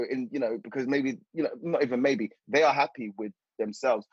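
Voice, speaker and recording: A man's voice: medium pitch, brisk, hardly any pauses, a little mellow, slightly rough, no echo, lo-fi sound. A man speaking hesitantly in a casual podcast panel discussion, restarting his sentences often. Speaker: podcast guest, poet.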